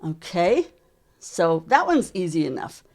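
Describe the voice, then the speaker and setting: A woman teaching a drum lesson, calmly explaining sticking patterns and counting beats aloud from behind her kit. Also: lowish voice, unhurried, very noisy. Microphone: mic worn while playing kit. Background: drum kit playing.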